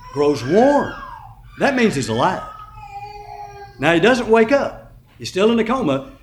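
A man's voice: a little high, echoey room, a little hiss or hum. A man preaching, retelling a story dramatically with emphatic rises in his voice. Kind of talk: sermon storytelling.

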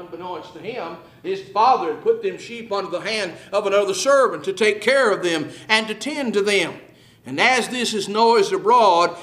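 A male preacher with a very high, bright voice, reading scripture and breaking off into emphatic asides. The sound is roomy and echoey. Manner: reads scripture aloud, then retells it with emphatic asides. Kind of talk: sermon retelling a scripture story.

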